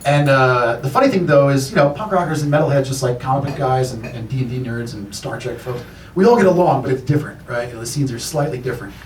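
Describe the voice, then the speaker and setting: A man's voice: medium pitch, fast talker, a little hiss or hum. A man doing a loose, profane stand-up set in a comedy club, laughing through his lines and working the crowd. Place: comedy club stage with an audience. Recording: roomy club recording from far off with crowd.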